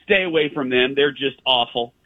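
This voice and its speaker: A spirited older woman guide who talks in a chatty, bossy drawl, as a man puts her on in a raised voice. Her voice comes through a dry, tinny phone-like line. She keeps a steady, gossipy tone. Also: mid-range voice, moderate pace, no echo, voice pushed up, close to an everyday voice.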